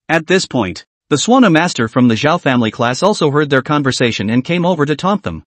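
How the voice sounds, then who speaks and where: A man tells a story recap with a lively, swinging voice and a slightly raised pitch. The sound is close and dry, with no room around it. He reads every part himself and keeps the telling brisk and playful. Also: no room sound. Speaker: recap narrator. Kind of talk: scripted story recap narration.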